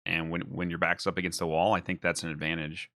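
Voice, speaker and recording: A man's voice: low-pitched, flat delivery, fast, pushed and bright, no room sound, clean studio sound. A man hosting a live stream and commentating casually, rambling and mocking himself with loose swearing. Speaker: host and commentator.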